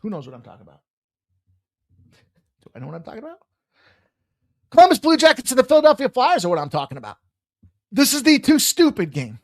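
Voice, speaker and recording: Brash gravelly-voiced man hosting a betting show. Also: very high voice, fast talker, long pauses, dry recording, clean studio sound. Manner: brash, profane, excitable, jokey. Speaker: sports betting show host. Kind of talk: live-streamed betting picks chat. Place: room with a hockey banner on the wall.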